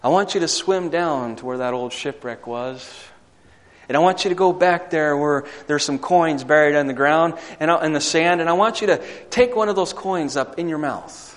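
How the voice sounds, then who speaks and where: A man voicing God as a calm, gentle and reassuring speaker in a story. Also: fairly high pitch, moderate pace, long reverb tail, natural voice.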